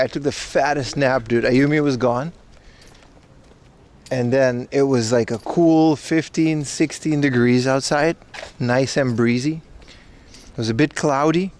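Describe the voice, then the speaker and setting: A sleep-deprived man hosting a casual livestream, joking sarcastically with chat while walking along a city street. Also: mid-range voice. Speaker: livestream host. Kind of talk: casual IRL stream chat, reading chat.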